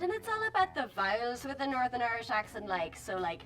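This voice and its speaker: A woman's voice: on the high side, fairly quick, faint music behind. A woman demonstrating regional accents, explaining each and then switching into it. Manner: lively, switching between put-on accents. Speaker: accent video creator.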